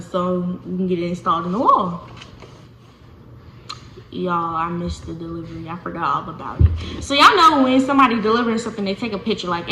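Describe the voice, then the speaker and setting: A young woman telling a casual storytime to her viewers, animated and chatty, often calling them y'all. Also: mid-range voice. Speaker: vlogger. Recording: echoey room with faint noise.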